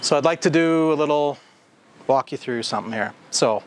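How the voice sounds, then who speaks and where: A man's voice: on the high side, moderate pace. A man, a company president, giving a conversational training talk to a service team in a room, often asking the group questions. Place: indoor room with a group of staff.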